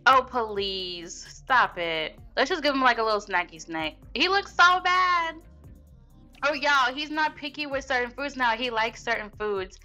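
A young woman chats through her gameplay in a loose, slangy style, talking straight to her viewers. Her voice has a bright, clear edge. Soft music plays faintly underneath. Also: on the high side, moderate pace, hardly any pauses. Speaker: gaming video host. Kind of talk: casual gameplay commentary.

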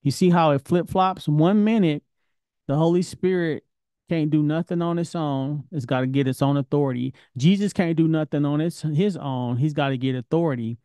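A man's voice: on the high side, normal speed, mellow, clean tone, no echo. A man teaching an informal Bible study lesson, talking in a conversational, questioning way. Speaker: Torah teacher.

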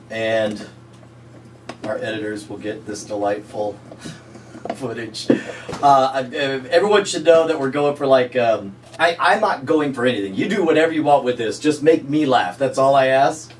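A man chatting casually on an indoor video set, relaxed with fillers and laughs, recorded from a distance. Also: medium pitch, measured pace, slight background noise. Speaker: performer and host recording lines. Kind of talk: casual setup talk on a video shoot. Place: indoor video set under studio lights.

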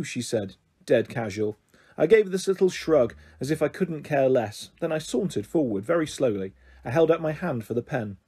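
A man reading a children's book aloud with lively, expressive narration, as the story's host. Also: medium pitch, moderate pace, breathy edge. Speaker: story reader.

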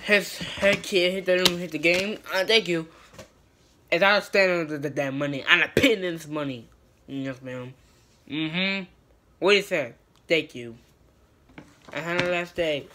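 A woman's voice: lowish voice, measured pace, pauses often, sharp tone, a little hiss or hum. Brash, profane woman in a comedy skit. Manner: brash and profane, switching between characters.

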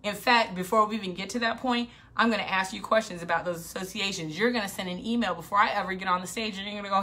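A middle-aged woman business coach giving an animated, emphatic motivational talk, hammering her points with repetition. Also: medium pitch, quick pace. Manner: emphatic, animated, repeats for punch.

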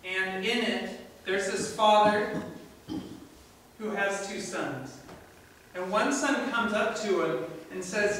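A man's voice: high voice, takes it slowly, long pauses, a bit bright, slight background noise. A man preaching a sermon in a church, telling a story with animation and asking the congregation questions. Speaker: pastor. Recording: echoey room from far off.

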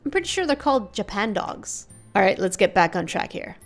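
A woman's voice: mid-range voice, big pitch swings, brisk, faint music behind. A woman hosting a craft tutorial in a casual voice-over, playful and full of jokey asides.

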